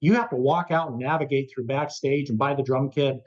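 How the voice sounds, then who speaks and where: Brief: male rock radio veteran as interview guest, animated storyteller who voices the people he quotes, mid-pitched, slightly muffled remote audio. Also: fairly quick. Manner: lively, acts out quoted voices. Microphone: remote interview over the internet.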